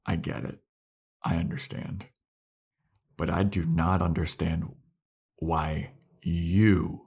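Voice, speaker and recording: Low-voiced male podcast co-host, casual, retells scenes by voicing the dialogue. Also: creaky, darkish tone, husky. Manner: retells scenes by acting out characters' lines. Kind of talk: casual chat recapping a TV episode.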